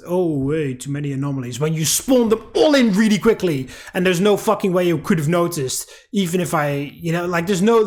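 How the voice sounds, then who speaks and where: A man's voice: a little high, a little mellow. A man giving profane, angry let's-play commentary while ranting at a game. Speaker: gaming YouTuber.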